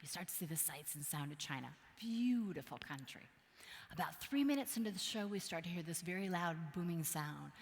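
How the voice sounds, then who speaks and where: A woman from Wisconsin giving a motivational keynote speech, telling a story in a playful, animated way and acting out voices and sounds. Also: on the low side, brisk, a little hiss or hum. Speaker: keynote speaker. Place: large conference hall. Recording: long hall reverb.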